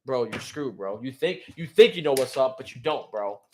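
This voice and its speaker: A man's voice: mid-range voice, expressive, moderate pace, slight background noise. A man hosting a live stream, casually recapping a manga chapter in a rambling way, full of fillers and "bro". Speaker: livestream host.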